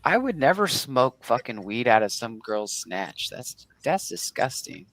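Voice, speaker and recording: Casual crude talker, man, mid-pitched, dry close sound, swears often. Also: very animated, unhurried, a bit bright, dry recording, poor audio. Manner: profane, blunt. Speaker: panelist.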